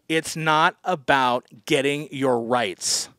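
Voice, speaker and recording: A man delivers a sermon as pastor, his voice sitting a little higher than most men's. He talks to the congregation conversationally, then presses hard on his key points. The sound is dry and close, with no room echo. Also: lively intonation, measured pace, fairly bright tone. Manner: conversational, earnest preaching with sudden emphatic pushes. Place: church.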